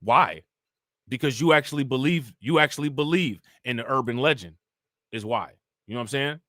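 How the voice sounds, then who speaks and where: A man with a bright, forceful voice rants in loose, slangy livestream commentary, reading out chat comments as he goes. The sound is close and dry. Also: mid-range voice, fairly quick, no room sound. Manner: animated, ranting, slangy. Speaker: livestream host reacting to news.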